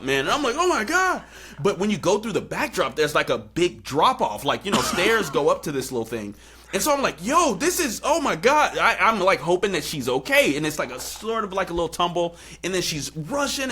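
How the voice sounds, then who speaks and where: A young man chats on a podcast, recounting a wild night with lots of fillers. His voice is bright and clear. When he quotes people he jumps up into loud, excited squeaks. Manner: animated storyteller, acts out quotes in high excited bursts. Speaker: podcast host. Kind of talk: casual storytelling chat.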